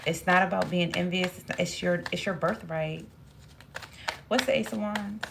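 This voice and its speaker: A woman with a low voice talks through a tarot reading, thinking aloud and circling back over her words as the cards come up. A gravelly fry runs through her speech, and a faint hiss sits under the recording. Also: moderate pace. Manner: musing, repeats phrases, talks to herself while drawing cards. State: emotional at moments. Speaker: tarot reader.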